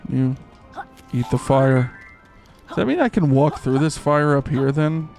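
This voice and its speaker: A young man giving goofy, excitable live commentary while playing a game, rambling with many fillers. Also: on the high side, unhurried, vocal fry. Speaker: streamer. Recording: faint game music behind.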